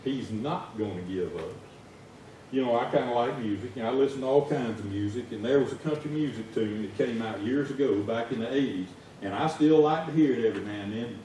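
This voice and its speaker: A man's voice: medium pitch, fairly quick, slight background noise. A man with a Southern US accent preaching a folksy, conversational sermon as a lay preacher. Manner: folksy, conversational, rising to shouts in stories. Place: church sanctuary. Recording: echoey church heard from far off.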